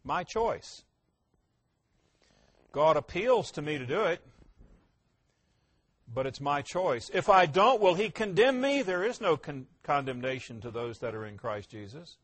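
High-voiced preaching man. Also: expressive, a little slow, pauses often, husky. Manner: emphatic preaching with rhetorical questions, swinging between loud and quiet. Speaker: pastor. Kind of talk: sermon.

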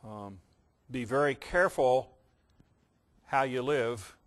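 In a medium-pitched voice, a man preaches forcefully, slowing down to hit key words. Now and then he slips into quick asides that mimic casual believers.

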